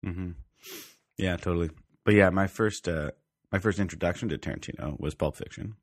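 A man with a very low, deep voice talks loosely about movies as a podcast co-host. He rambles and corrects himself mid-sentence. The sound is dry and close, with no room echo. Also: brisk. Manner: rambling, self-correcting, with frequent restarts. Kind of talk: casual film chat.

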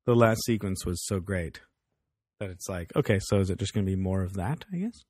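A man's voice: deep voice, expressive, fairly quick, darkish tone, breathy edge, no echo. A man co-hosting a podcast, chatting casually about a TV show, laughing often and acting out the characters' lines. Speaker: podcast co-host. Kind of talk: casual TV review chat.

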